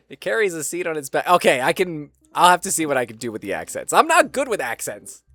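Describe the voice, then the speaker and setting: A man's voice: a little high, sharp tone, no room sound. A man chatting casually while playing a game, laughing at himself, his throat strained. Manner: chatty, laughing, self-deprecating. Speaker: game streamer. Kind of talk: casual gameplay commentary.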